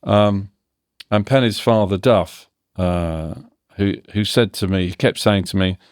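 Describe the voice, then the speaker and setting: A man's voice: fairly low pitch, a little slow, darkish tone, clean tone, no echo, studio quality. A man in his fifties, a podcast guest, talking reflectively and analytically in a casual interview, often restarting his sentences. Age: 50s.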